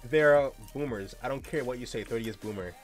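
A man's voice: mid-range voice, brisk, faint music behind. A young man streaming a game, chatting casually in a joking, profane way with frequent laughs. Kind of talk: casual gameplay chat.

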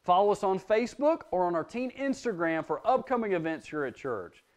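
A man leading children's church, preaching a lively lesson straight to the kids and praying aloud. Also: sits high, brisk. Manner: lively storytelling, addressing children directly; prays aloud. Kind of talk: children's sermon.

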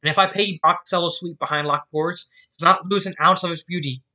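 A reader voicing a shy, bookish young woman who talks hesitantly and haltingly, in a fan fiction read aloud. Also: mid-range voice, steady tone, pushed and bright. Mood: self-doubting. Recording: dull lo-fi recording.

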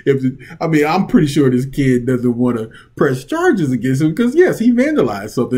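Husky, lively-voiced man ranting. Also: medium pitch. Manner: blunt, profane, mocking, laughs often. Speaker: vlog commentator. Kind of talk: casual opinion rant. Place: at home.

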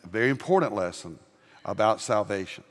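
Older Southern preacher in a reverberant sanctuary. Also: male voice, fairly low pitch, lively intonation, fairly quick. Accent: Southern American. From American South. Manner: rising to loud emphatic preaching, homespun humor. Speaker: pastor. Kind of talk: sermon. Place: large church sanctuary. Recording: long reverb of a large church.

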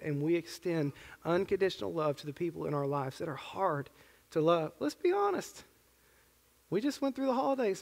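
Guy pastor in his 30s preaching, kinda high voice, big church echo. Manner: earnest, conversational preaching with asides. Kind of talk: sermon. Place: church sanctuary. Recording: long church reverb.

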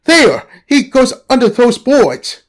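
A man voicing an eager teenage boy adventurer who shouts excited warnings. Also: high-pitched, moderate pace. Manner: excited exclamations.

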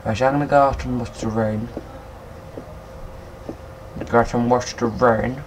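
A young man giving casual, excitable game commentary at his computer, swearing often and talking to himself. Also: mid-range voice, slight background noise. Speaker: gaming video maker. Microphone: computer mic, no headset.

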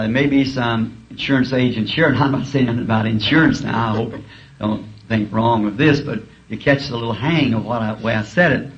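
A man preaching a sermon in a school auditorium, telling folksy, humorous stories. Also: mid-range voice. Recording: dull archival tape, faint hiss.

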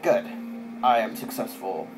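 Dude doing lets play commentary, slow and deadpan snarky, loud game music behind. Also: male voice, on the low side, poor audio. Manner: sarcastic, deadpan asides. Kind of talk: casual gameplay commentary.

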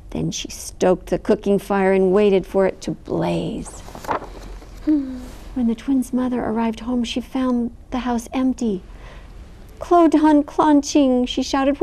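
Woman, storyteller, picture-book read-aloud, mellow, expressive. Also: a little high. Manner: expressive, animated read-aloud with sound effects.

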